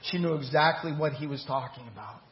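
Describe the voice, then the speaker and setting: A man's voice: fairly high pitch, brisk. Man preaching in a lo-fi recording. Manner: preaching with rising emphasis and dramatized quotes. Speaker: pastor. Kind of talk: sermon. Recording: muffled lo-fi church recording.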